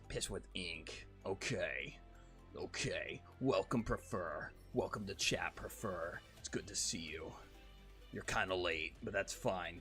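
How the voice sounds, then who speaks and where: Guy streaming and chatting w/ chat, giggly and hyped, swears a lot, mid-pitch voice, bit of music behind. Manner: excitable and giggly, swears freely. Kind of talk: casual livestream chat.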